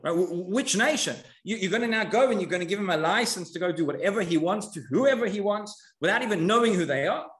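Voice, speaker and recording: Male rabbi, teaching tone, animated storyteller; bright, swooping delivery; reverberant synagogue sound. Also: high voice, quick pace, few pauses. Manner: animated storytelling, voices the characters' questions. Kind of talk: Torah class. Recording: echoey synagogue room.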